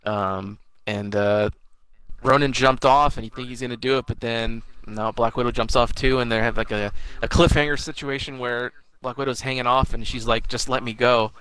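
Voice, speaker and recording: A man's voice: medium pitch, steady tone, normal speed, a bit bright, clear, resonant tone, poor audio. Laid-back guy recapping a movie. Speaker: podcast co-host. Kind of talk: casual movie review chat.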